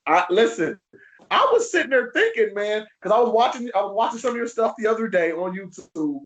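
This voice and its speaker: A man hosting a podcast, cheering his guest on with quick agreements and excited remarks. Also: high-pitched, dull audio. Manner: eager, reacts with short agreements and laughs. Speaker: podcast host. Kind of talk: casual chat.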